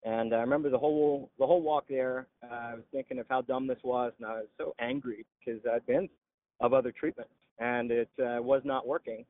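A veteran telling his story in an interview, halting with frequent "uh" pauses. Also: medium pitch, steady tone. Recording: tinny phone-like line.

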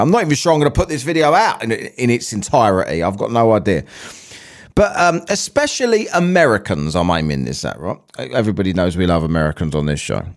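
A man hosting his own podcast, talking casually and swearing as he wanders between asides. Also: fairly low pitch. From England. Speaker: podcast host. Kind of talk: casual solo podcast chat.

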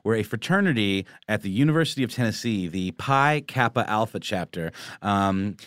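A man with a low-set voice co-hosts a casual podcast, joking and excitable. His pitch swings widely, leaping up when something delights him. The sound is close and dry, with no room around it. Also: normal speed, clean tone, no echo. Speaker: podcast co-host. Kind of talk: casual chat.

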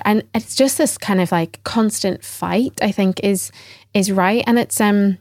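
A woman's voice: medium pitch, steady tone, fairly quick, a little mellow, no echo, studio quality. A middle-aged woman, speaking earnestly and reflectively as a podcast guest, often quoting what people said to her. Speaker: podcast guest, trainer and former teacher. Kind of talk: conversational interview.

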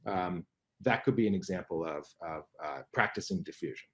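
A man's voice: deep voice, moderate pace, a bit bright. A middle-aged man, a guest expert in an interview, explaining carefully with frequent restarts and fillers.

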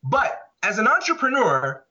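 A man's voice: high voice, wildly swooping pitch, normal speed, sharp tone. A man co-hosting a podcast, arguing his views in passionate, emphatic casual talk. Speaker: podcast co-host. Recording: dull lo-fi audio.

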